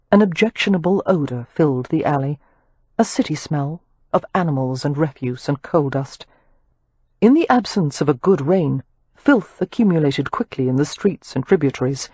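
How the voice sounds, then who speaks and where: Husky, expressive woman audiobook narrator. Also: low-pitched, moderate pace, no echo. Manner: expressive, lively storytelling.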